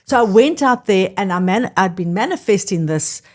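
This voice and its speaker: A South African woman in middle age speaks with a South African accent as an enthusiastic podcast guest. She sits at a medium pitch for a woman but moves around it a great deal, rising and dipping through her anecdotes. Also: normal speed. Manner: enthusiastic, animated storyteller. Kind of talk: storytelling in a podcast interview.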